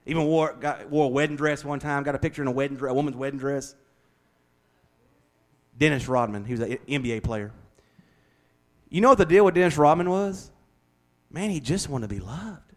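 A man preaching a sermon as pastor, folksy and conversational, speeding up and slowing down as he goes. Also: on the high side, a bit bright. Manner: folksy, conversational preaching with shifting pace and volume.

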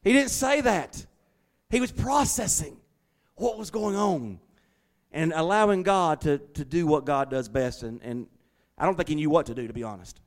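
Animated preacher man, fairly high voice. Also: moderate pace. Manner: animated, swings from loud emphasis to quiet asides. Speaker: pastor. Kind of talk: sermon.

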